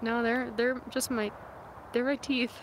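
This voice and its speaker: A young woman vlogger livestreams on her phone camera outdoors in the wilderness near her van, reading and answering chat comments in a rambling way full of "like" and "um". Her voice is a little high and fairly flat, unhurried, with background noise.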